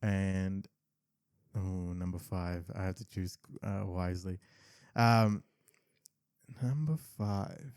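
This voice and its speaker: Guy on a podcast, kinda dark mellow voice, rambles and trails off a lot. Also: sits low, slow pace, pauses often, clear, resonant tone, dry recording, clean studio sound. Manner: relaxed, rambling, lots of likes and restarts. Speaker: podcast co-host. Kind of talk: casual chat.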